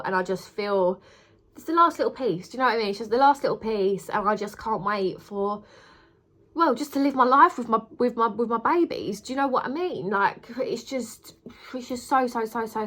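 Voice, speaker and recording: A woman's voice: medium pitch, fairly bright tone. A young woman chatting casually to camera, gushing and emotional, repeating words for emphasis. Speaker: vlogger.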